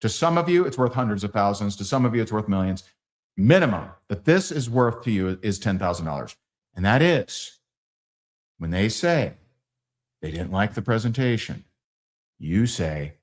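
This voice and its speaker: Animated man coaching sales. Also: normal speed. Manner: animated, acts out dialogues with big pitch swings. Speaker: sales trainer. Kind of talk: live sales training.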